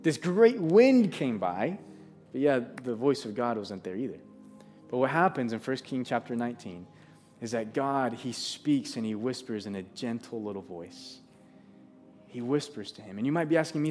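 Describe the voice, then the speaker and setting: A man's voice: mid-range voice, sing-song, moderate pace, darkish tone, faint music behind. A man preaching a sermon, earnest and conversational, often restarting his sentences. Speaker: pastor.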